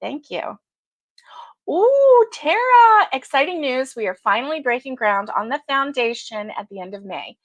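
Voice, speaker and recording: A woman hosts a relaxed live stream, chatting with her viewers, calling them by name and laughing often. Her voice sits a bit high, and the sound is dry and close, with no room echo. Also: a little fast, few pauses. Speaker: livestream host. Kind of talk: casual live chat with viewers.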